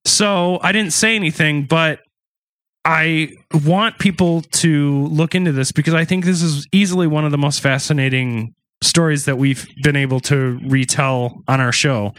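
A man's voice: fairly high pitch, fairly bright tone, no echo. A man casually chatting on a dry podcast mic. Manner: conversational, loose, with restarts and asides. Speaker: podcast co-host. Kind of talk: casual true-crime podcast chat.

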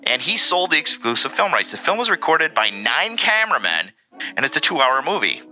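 A man's voice: a little high, a little fast, faint music behind, rough recording. A man co-hosting a casual podcast, reading a history segment with joking asides. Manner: animated, reads facts with joking asides. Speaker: podcast co-host.

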